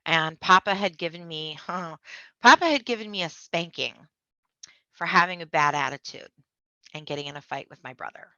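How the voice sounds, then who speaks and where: Low, bright-toned woman telling her story. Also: normal speed, no echo. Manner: vivid, acts out voices in her story. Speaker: interview guest. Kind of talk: personal storytelling. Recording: dull, muffled podcast audio.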